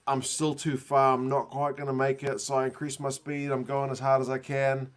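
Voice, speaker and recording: A man's voice: mid-range voice, monotone, moderate pace. A man hosting a rugby watch-along, casually telling a rambling, self-mocking story and often laughing at himself. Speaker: rugby channel host.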